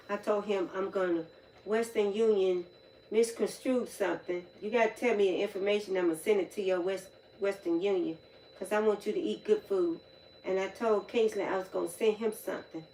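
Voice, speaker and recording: Woman host, folksy animated storyteller, roomy echo and distant mic with a faint hiss behind. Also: medium pitch. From North Carolina, US. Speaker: livestream host. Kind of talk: casual storytelling chat.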